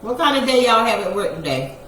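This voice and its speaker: A woman co-hosting a casual live chat, talking in dry, mumbled deadpan asides. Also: on the high side, fast talker. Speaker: co-host of a live chat show. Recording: distant echoey mic with noise.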